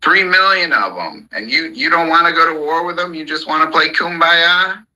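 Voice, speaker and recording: A man's voice: fairly high pitch, moderate pace, pushed and bright, low-quality recording. A man hosting a live audio chat room, ranting heatedly about politics with plenty of profanity. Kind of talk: angry political rant.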